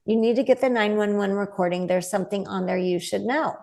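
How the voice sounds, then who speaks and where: A woman's voice: medium pitch, a little fast, gravelly, mellow. A woman in her forties, a guest medium, telling her story earnestly in a casual interview and acting out the voices she quotes.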